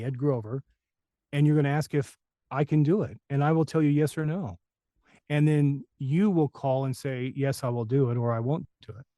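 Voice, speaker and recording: A man impersonating an older male voice actor who speaks slowly and deliberately, with veiled threats. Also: mid-range voice, dark tone, no echo, close to an everyday voice.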